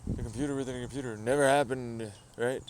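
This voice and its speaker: A man's voice: medium pitch, fairly even intonation, quick pace, darkish tone, a little hiss or hum. A man rambling profanely to himself, talking back to imagined voices in a casual vlog. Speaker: vlogger.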